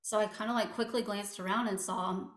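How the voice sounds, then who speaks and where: A woman recounting a painful personal story as an interview guest, halting and full of fillers and restarts. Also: medium pitch, steady tone. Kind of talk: personal testimony. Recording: echoey room.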